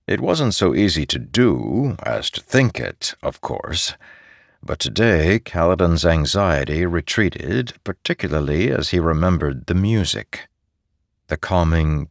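Male audiobook narrator, unhurried, lively pitch, low voice, dry close recording. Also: gravelly, no echo. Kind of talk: scripted narration.

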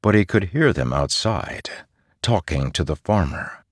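Deep-voiced, slow male narrator. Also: no room sound, clean studio sound. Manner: measured and expressive. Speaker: audiobook narrator. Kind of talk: scripted fantasy narration.

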